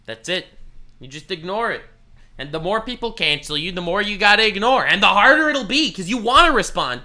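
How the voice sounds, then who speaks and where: A man's voice: high-pitched, brisk. A young man in casual commentary, reacting to a video with sarcasm, laughter and swearing. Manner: sarcastic, laughing, cursing, loose and animated.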